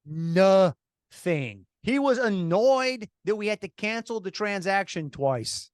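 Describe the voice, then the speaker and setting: Sitting high in pitch, this co-host is very animated yet talks a little slowly during casual radio chat. His sarcastic, lively storytelling is full of restarts, captured as a dry, clean studio recording.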